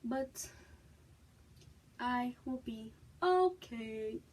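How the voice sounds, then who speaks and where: A woman's voice: a little high, lively intonation, extremely slow, a little mellow, poor audio. A young woman from Massachusetts, frank and emphatic, telling her personal story to her viewers in a casual vlog. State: pregnant, expecting a child. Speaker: vlogger.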